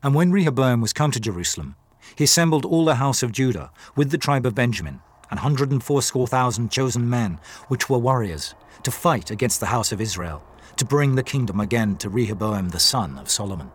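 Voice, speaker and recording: A man narrating a dramatized scripture reading in a measured, formal manner. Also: mid-range voice, expressive, slightly rough. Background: faint music.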